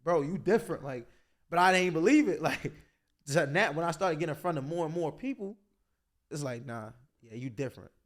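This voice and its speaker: Young boxer guy talking real quick, kinda high voice, slangy storytelling. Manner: fast, animated, slangy, full of "like" fillers. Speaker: boxer, interview guest. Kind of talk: casual storytelling interview.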